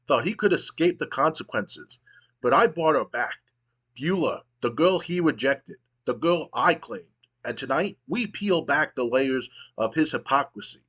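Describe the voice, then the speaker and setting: A man voicing a dark, theatrical male wrestling cult leader who delivers menacing speeches. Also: mid-range voice, dull audio. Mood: brooding.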